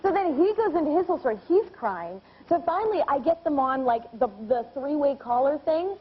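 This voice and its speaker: A woman's voice: high voice, expressive, brisk. A young woman in her twenties, a guest on a talk show, telling stories in a bubbly, laughing way. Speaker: actress guest. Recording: lo-fi TV broadcast with faint hiss.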